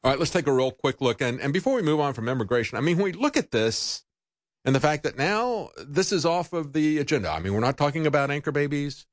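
Emphatic talk radio host, dry sound. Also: male voice, a little high, lively intonation, fast, no echo. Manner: emphatic, sarcastic, mocking quoted opponents. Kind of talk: political talk show commentary.

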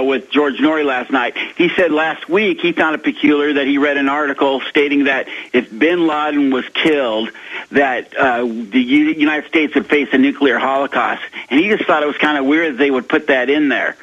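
Male caller on a dull phone-in line, slightly high voice, hesitant and explanatory. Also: moderate pace, fairly bright tone. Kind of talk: call-in conversation.

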